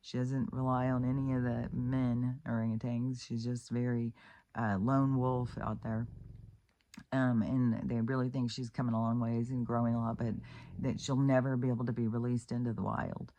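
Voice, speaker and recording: A woman's voice: rumbling low, level tone, moderate pace, mellow, slight background noise. A woman vlogging in a rambling, profane, casual rant, full of fillers and restarts, exclaiming in disbelief.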